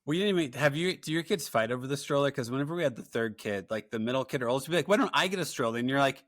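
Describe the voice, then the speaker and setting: Male podcast host, mid pitch, chatty, playful, dry close mic. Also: rapid-fire, no echo. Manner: chatty, playful, asks questions. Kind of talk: casual podcast chat.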